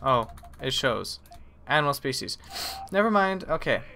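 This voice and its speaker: A man's voice: mid-range voice, big pitch swings, normal speed, creaky, pushed and bright, a little hiss or hum. A man chatting through a live gameplay stream, rambling, correcting himself and grumbling at the game. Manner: chatty, self-correcting, mildly exasperated. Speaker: gaming streamer. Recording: game music behind.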